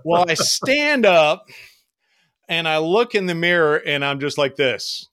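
Animated storytelling man, dry close sound. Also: fairly high pitch, measured pace, dry recording. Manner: animated, acts out quoted voices. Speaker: podcast guest telling flying stories. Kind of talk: casual storytelling.

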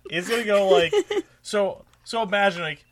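A man's voice: high voice, moderate pace, a bit bright. A young man joking and laughing in a casual podcast chat with friends. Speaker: podcast co-host.

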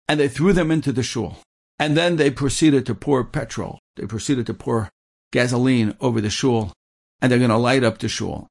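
A man's voice: medium pitch, vocal fry. A man telling an inspirational religious story in an earnest way, repeating points for emphasis.

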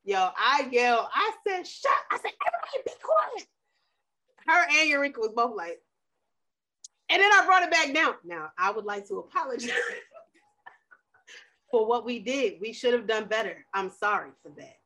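Loud, passionate woman in casual chat. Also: a little high, animated, normal speed. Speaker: podcast co-host.

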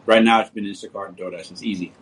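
A man's voice: fairly low pitch, fairly even intonation, quick pace, slight background noise, poor audio. A man hosting a casual livestream, reading viewer comments and joking with them in a laid-back way. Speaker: livestream host.

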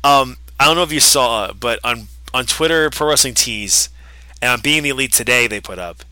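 Podcast co-host, male, piercing bright tone, dry close mic, rambly and eager. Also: mid-range voice, animated, clear, resonant tone, no room sound, low-quality recording. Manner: enthusiastic, rambling, with fillers and quick recaps. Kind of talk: casual podcast chat.

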